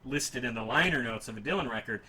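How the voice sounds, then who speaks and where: A man's voice: mid-range voice, lively intonation, fast, pushed and bright, husky, low-quality recording. A man hosting a casual music podcast, talking in a rambling, enthusiastic and self-deprecating way. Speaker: podcast host.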